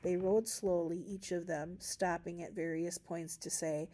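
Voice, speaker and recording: Low-voiced woman reading a novel aloud. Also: steady tone, measured pace, hardly any pauses, mellow. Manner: storybook narration with small voice shifts for characters. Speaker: reader.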